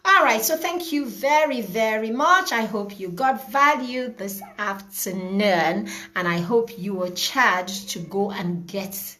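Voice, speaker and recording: A woman's voice: mid-range voice, takes it slowly, pushed and bright. Chatty woman hosting an online class. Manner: chatty, greets viewers by name, repeats words. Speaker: parenting class host. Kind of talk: live online class wrap-up.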